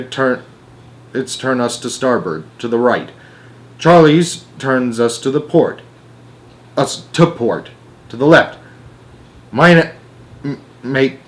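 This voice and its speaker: A man voicing an eccentric, excitable male chocolatier who pilots a flying elevator, talking briskly and theatrically. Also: medium pitch, close to an everyday voice.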